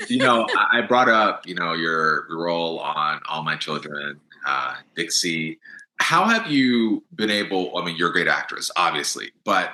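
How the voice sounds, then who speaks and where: Bright-voiced man hosting in an echoey room. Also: low voice, big pitch swings. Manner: halting, many fillers and restarts. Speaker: podcast host. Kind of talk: casual interview chat.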